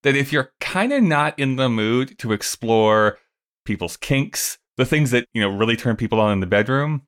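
A man's voice: medium pitch, expressive, moderate pace, a bit bright. A man co-hosting a casual podcast, speaking thoughtfully and dropping teasing quips. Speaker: podcast co-host.

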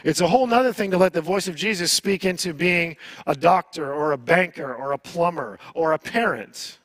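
High-voiced male pastor preaching. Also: moderate pace, fairly bright tone, no room sound. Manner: conversational preaching with rhetorical questions. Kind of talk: sermon.

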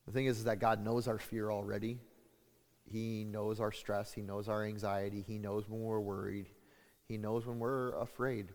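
A man preaching a sermon as pastor, halting and full of fillers and restarts, getting louder and higher when he acts out what people say. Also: little pitch movement. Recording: long hall reverb.

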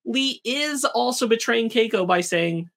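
A man's voice: very high voice, animated, unhurried, gravelly, fairly bright tone. A man co-hosting a casual TV review podcast, walking through plot points and recounting the characters' dialogue. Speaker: podcast co-host.

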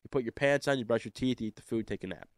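A man's voice: medium pitch, rapid-fire, dry recording, clean studio sound. A man co-hosting a casual chat show, telling rambling, joking stories. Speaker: podcast co-host.

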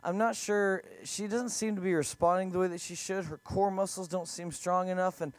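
A man's voice: sits high, steady tone, normal speed, no echo. A man preaching a sermon in a conversational way, asking his listeners questions as he goes. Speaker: pastor.

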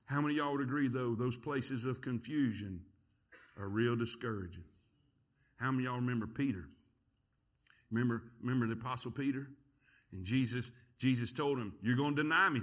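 A pastor preaching a sermon, telling a story with lively energy and quick repeated words. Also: male voice, medium pitch. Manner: storytelling, animated, repeats words when excited.

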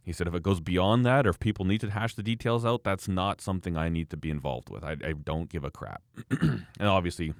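Low-voiced man telling a story. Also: brisk, vocal fry, no echo, clean studio sound. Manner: laughing, animated storytelling with acted quotes. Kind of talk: casual chat.

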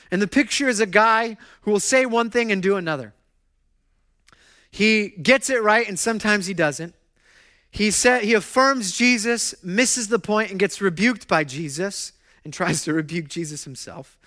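Lively conversational male pastor. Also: on the high side. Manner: lively, conversational, swings from loud to hushed. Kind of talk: sermon.

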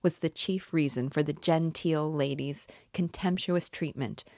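A woman who hosts a book club reads a classic novel aloud in a measured, even narrating voice. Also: low-pitched, no room sound, clean studio sound. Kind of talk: literary read-aloud.

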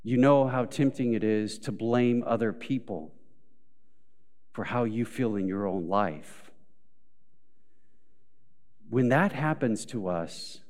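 A man's voice: medium pitch, a little mellow. A male pastor preaching a live sermon, telling everyday stories and acting out what people say, building to emphatic peaks before dropping back down. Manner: storytelling with acted quotes, rising to emphatic peaks. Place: church sanctuary. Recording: live church recording with long hall reverb.

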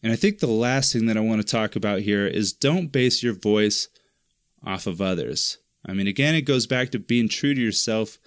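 A man's voice: on the low side, expressive, moderate pace, no echo, clean studio sound. A man talking earnestly in a rambling casual monologue, giving advice to other content creators and often repeating himself.

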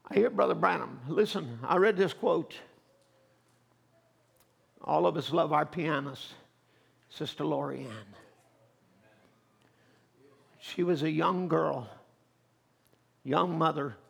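A male pastor preaches with a high, gravelly voice. His tone is bright and cutting. His sermon moves between soft, close storytelling and loud, impassioned calls to the congregation. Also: slow, long pauses. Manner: swings from quiet storytelling to shouted fervor.

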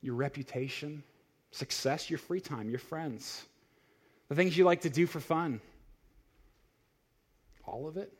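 A man's voice: on the high side, unhurried, pauses often, breathy edge. A male pastor giving a sermon in an emphatic style, full of searching rhetorical questions.

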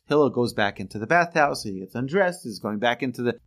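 A man teaching a religious lesson through earnest, animated storytelling. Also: mid-range voice, brisk.

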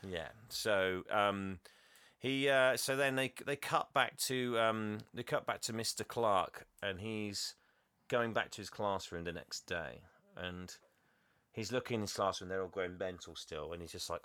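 A man's voice: lowish voice, normal speed, pushed and bright, clean tone, no echo. Rambling man retelling a film. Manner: rambling, laughs often, acts out lines. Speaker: podcast co-host. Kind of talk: casual chat retelling a film.

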